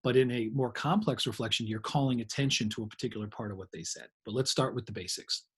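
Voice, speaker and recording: A man's voice: medium pitch, fast, husky. A middle-aged man giving a recorded training lecture, explaining in a conversational way with examples and asides.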